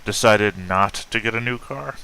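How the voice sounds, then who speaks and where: Gravelly bright-toned male player. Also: lowish voice, normal speed, no room sound, low-quality recording. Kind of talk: casual tabletop game chat.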